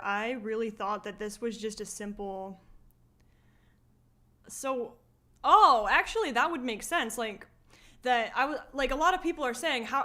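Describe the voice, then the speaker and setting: A woman's voice: a little high, pushed and bright. A woman streaming live, chatting casually as she reacts to a video and reads viewer comments, often laughing and asking questions.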